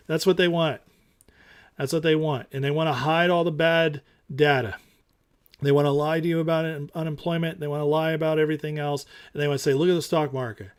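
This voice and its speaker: A man hosting a casual stock market talk show, animated and opinionated, who repeats his points for emphasis. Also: clean tone. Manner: mocks others in high put-on voices.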